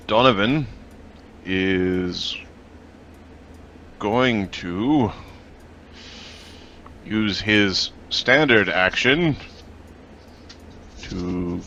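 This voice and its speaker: A man's voice: fairly low pitch, bright, forceful tone, highs cut off, a little hiss or hum. A man playing in a tabletop game, chatting casually and drawing out his turns. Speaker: player.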